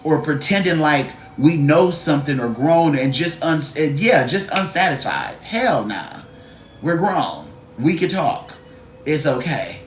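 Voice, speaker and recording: A man's voice: a little high, animated, a little slow, a little hiss or hum. A man giving a live-stream card reading, blunt, profane and sassy, talking straight to the viewer and greeting chatters. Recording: roomy echo.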